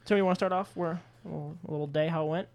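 A man's voice: fairly high pitch, steady tone, rapid-fire, vocal fry, a little mellow. A young man co-hosting a casual podcast, joking crudely and swearing constantly. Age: young adult. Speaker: podcast co-host. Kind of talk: casual chat.

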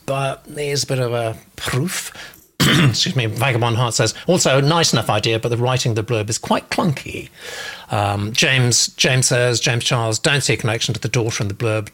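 A male host with a mid-range voice briskly reads out viewer comments. He often hesitates with ums and uhs between them. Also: medium pitch, a bit bright. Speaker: host, literary agent.

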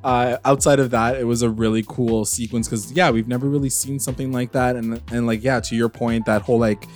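Animated young man in casual recap chat. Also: mid-range voice, fairly quick, soft background music. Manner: animated, swears, acts out characters' lines. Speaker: podcast co-host.

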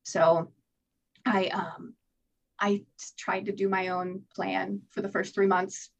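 A woman guest telling her own recovery story in an interview, candid and animated, swearing freely and acting out what she told herself. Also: medium pitch, slow pace, vocal fry, muffled recording. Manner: candid, animated storytelling with profanity and acted-out inner voices. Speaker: podcast guest.

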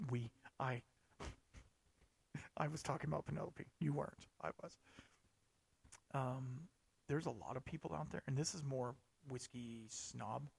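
A man's voice: medium pitch, unhurried, vocal fry, pauses often, husky. A man hosting a podcast, talking casually and rambling, with lots of fillers and restarts. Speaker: podcast host. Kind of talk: casual solo podcast talk.

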